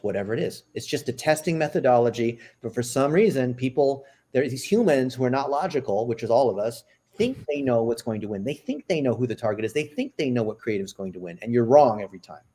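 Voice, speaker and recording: Man explaining marketing, mellow voice. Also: medium pitch. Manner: explanatory, quick asides, frequent "right?". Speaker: podcast guest, marketing executive. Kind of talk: casual interview talk.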